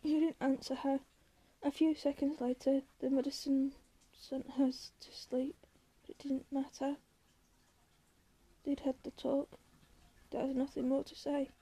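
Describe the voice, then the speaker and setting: A woman reads a story aloud in a quiet, measured way. Her voice is high and very mellow, and it stays steady with little rise and fall. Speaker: narrator. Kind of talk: audiobook reading.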